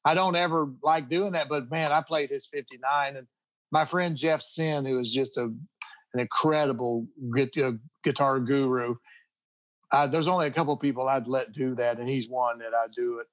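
A man's voice: medium pitch, steady tone, normal speed, no room sound. A middle-aged man telling rambling anecdotes in a casual interview, full of restarts and chuckles. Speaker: guest guitarist.

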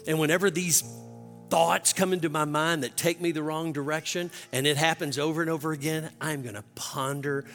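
High, bright-voiced preaching man. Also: steady tone, a little fast, long reverb tail, soft background music. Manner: earnest preaching, rising to impassioned emphasis. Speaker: pastor. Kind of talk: sermon.

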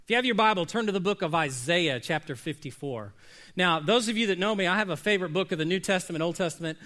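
A male pastor delivering a sermon in a high, bright voice. He preaches in an animated, conversational way, tossing questions at the congregation and dropping into little acted asides. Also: fast.

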